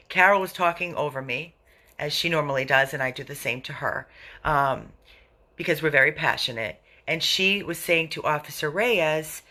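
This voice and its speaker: A woman who runs an animal rescue speaks on a live video, answering viewers' comments one after another. Her voice is bright and sharp. She sounds indignant and often circles back to repeat her points. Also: low-pitched.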